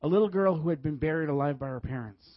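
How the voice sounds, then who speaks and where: A man preaching a sermon, telling stories in a lively way and laughing often as he goes. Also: fairly high pitch, quick pace, dry recording, dull audio. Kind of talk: sermon with storytelling.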